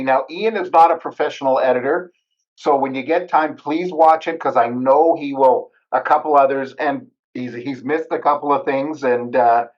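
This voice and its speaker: A man's voice: medium pitch, dull audio. A middle-aged man hosting a podcast interview, chatting in a jokey, rambling way. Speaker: podcast host. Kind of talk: casual interview chat.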